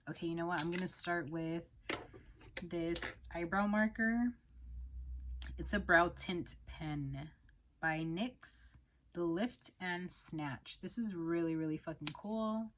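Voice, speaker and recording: A young woman, a hairstylist, chatting frankly and profanely while doing her makeup. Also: lowish voice. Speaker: hairstylist and beauty vlogger.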